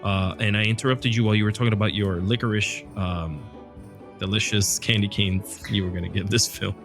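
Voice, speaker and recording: A man's voice: fairly low pitch, steady tone, a little fast, faint music behind. A man hosting a podcast, chatting casually about films, often breaking off mid-thought and laughing. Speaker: podcast host. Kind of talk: casual film chat.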